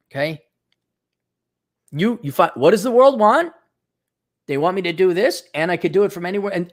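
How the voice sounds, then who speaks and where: A middle-aged man hosting a show, giving blunt, profane, lively advice in an unscripted monologue. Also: medium pitch.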